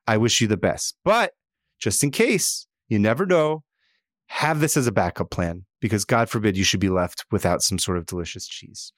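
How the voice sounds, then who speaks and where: A man doing a smooth-talking salesman. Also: lowish voice, lively intonation, normal speed, no room sound, clean studio sound, pitched below the performer's own voice, close to an everyday voice. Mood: persuasive. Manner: folksy persuasive sales patter. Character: smooth-talking male salesman pitching insurance.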